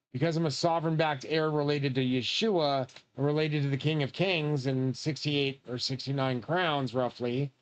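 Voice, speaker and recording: A man rambling in a profane, excitable way while he plays a game and comments. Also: fairly high pitch, smooth. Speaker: game streamer.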